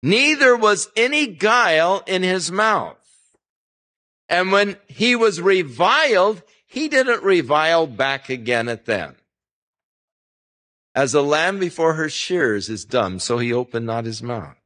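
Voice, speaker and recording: A male pastor with a high, pushed, bright voice gives a very animated but slow-paced Bible-teaching sermon. He's folksy and conversational, telling anecdotes, chuckling at his own stories, and building rising emphasis on scripture.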